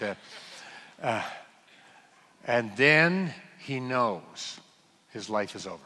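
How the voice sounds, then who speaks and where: Male preacher, lively joking storyteller, bright voice, big hall echo. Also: mid-range voice, slow, pauses often. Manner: humorous, storytelling, frequent restarts, sudden loud bursts. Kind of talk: sermon. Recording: long hall reverb.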